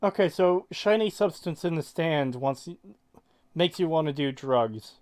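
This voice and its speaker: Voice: medium pitch, animated, measured pace, a little mellow. A podcast co-host in casual chat, quizzical and sarcastic, with some swearing.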